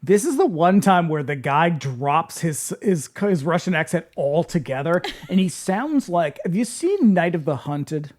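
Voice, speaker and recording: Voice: medium pitch, sing-song, measured pace, hardly any pauses, darkish tone. A podcast co-host in casual chat, adding funny quotes and asides. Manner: chatty, quotes lines in funny voices.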